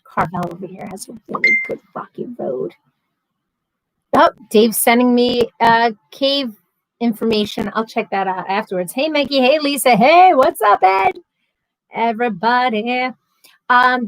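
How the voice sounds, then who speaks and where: A woman with a fairly high voice hosts a casual livestream. She reads viewer comments aloud and chats back with sarcastic humor. The sound is dry and close, with no room echo. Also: a bit bright. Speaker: livestream host.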